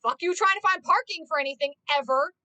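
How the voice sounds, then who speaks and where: A woman with a high, bright voice rants to her stream in casual chat. She swears freely and sounds exasperated. The recording is close and dry, with no room sound. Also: quick pace, no room sound, highs cut off. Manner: swears constantly, ranting and exasperated.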